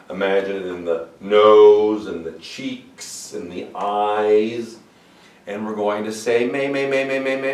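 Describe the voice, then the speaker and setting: A man teaching vocal warm-up exercises as a voice coach and demonstrating the sounds himself. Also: roomy sound, far from the mic. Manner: demonstrates sung vocal exercises, swooping high to low.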